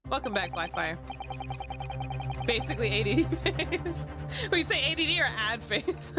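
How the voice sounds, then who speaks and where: A woman's voice: sits high, sing-song, normal speed, long pauses. A woman streaming a game, chatting casually, laughing often and swearing freely, over background music. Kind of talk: casual gameplay commentary.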